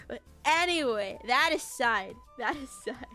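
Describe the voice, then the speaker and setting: Brief: higher-pitched female streamer, lively and foul-mouthed storyteller, soft music underneath. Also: very slow, pauses often. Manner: animated, laughing, swearing freely. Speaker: VTuber streamer. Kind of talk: casual storytelling to chat.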